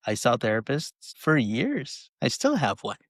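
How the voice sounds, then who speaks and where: A man's voice: mid-range voice, huge pitch swings, measured pace, dry recording. A man hosting a podcast, chatting casually and often checking in with "right?". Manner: conversational, frequent "right?" tags. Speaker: podcast host.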